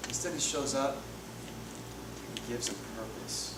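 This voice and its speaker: A man's voice: medium pitch, steady tone, normal speed. A man in his thirties preaching a playful, jokey sermon to a youth group, with frequent laughter. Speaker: youth pastor. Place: church hall. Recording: echoey hall from far off, noisy.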